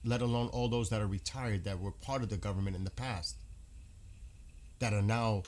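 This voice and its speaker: A man's voice: fairly low pitch, steady tone, moderate pace. A man giving casual live commentary on news, indignant and firing off rhetorical questions.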